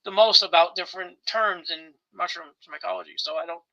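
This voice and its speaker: Co-host, male, quick gravelly talker, bright tone, dull lo-fi audio. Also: high voice. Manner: excitable storyteller, laughs often, animated ranting. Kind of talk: casual chat.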